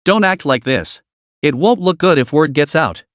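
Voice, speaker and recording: A man's voice: a little high, lively intonation, moderate pace, a bit bright, dry recording, studio quality. Man doing anxious auntie, pleading, urgent. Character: worried pleading middle-aged woman.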